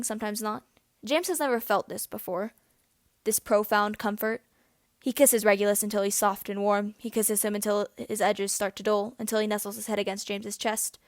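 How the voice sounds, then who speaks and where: A woman's voice: medium pitch, no room sound. Woman reading a story in a dry room. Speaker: audiobook reader. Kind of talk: reading fan fiction aloud.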